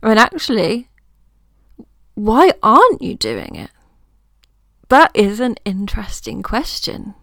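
A woman coach hosting her own podcast, talking through ideas in a gentle, reassuring way, as if thinking aloud. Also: on the high side, big pitch swings, takes it slowly, vocal fry, pauses often, dry recording, studio quality. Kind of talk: reflective solo podcast talk.

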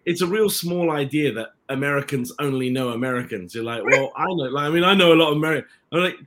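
A man's voice: on the high side, fast, background noise. A man with an English accent, an actor telling rambling, self-interrupting anecdotes in a casual interview chat over a video call. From England.

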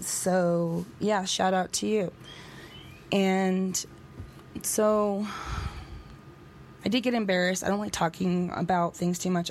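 A woman's voice: fairly low pitch, a little mellow, slight background noise. Rambling woman chatting on her vlog. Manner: rambling, hesitant, with fillers and self-corrections. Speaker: vlogger. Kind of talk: casual personal vlog.

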